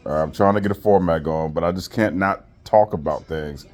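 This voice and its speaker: A man's voice: sits low, brisk, darkish tone. A man giving a profane, mocking rant while reviewing a wrestling show. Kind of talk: casual rant.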